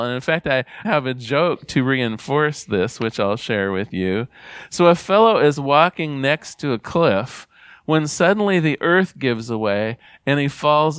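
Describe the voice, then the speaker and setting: A man's voice: mid-range voice, clear, resonant tone, dry recording, clean studio sound. Earnest man giving a spiritual talk. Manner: earnest, gently repetitive, reads passages aloud. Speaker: spiritual teacher.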